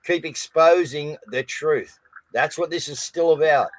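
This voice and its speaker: A man's voice: fairly high pitch, a little slow, poor audio. An Australian man co-hosting a live news stream, talking casually and blokey, often calling his viewers guys.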